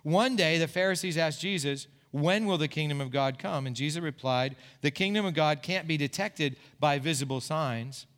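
A man's voice: a little high, normal speed, few pauses, fairly bright tone. A man preaching a sermon as a pastor, in an earnest way that repeats words as he builds a point. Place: church sanctuary. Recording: church hall reverb.

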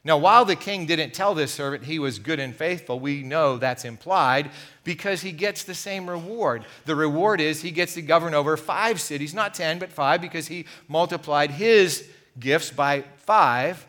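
A middle-aged man preaching a sermon as pastor, telling a parable with animated delivery and acting out the characters' lines. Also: on the high side, moderate pace. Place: church sanctuary.

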